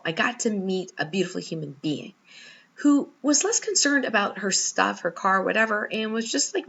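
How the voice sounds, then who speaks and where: A woman giving a spiritual teaching talk with personal stories, told in an animated, storytelling manner. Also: a little high, vocal fry, husky, dull audio. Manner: warm, animated storytelling with laughs.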